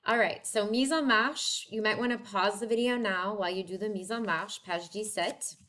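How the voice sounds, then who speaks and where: A woman's voice: mid-range voice, moderate pace, a bit bright. A woman French teacher recording a lesson at home, talking in a friendly, chatty way and switching between English and French.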